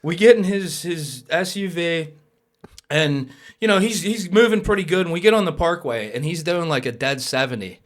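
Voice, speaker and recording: A young adult man telling a personal story as a podcast guest, lively and casual, with swearing. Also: on the high side, normal speed. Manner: animated, swears, acts out quoted voices.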